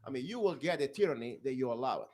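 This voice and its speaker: A man's voice: medium pitch, lively intonation, rapid-fire, a little hiss or hum. A man with an Italian accent hosting a political interview, chatty and full of short affirmations. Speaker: host.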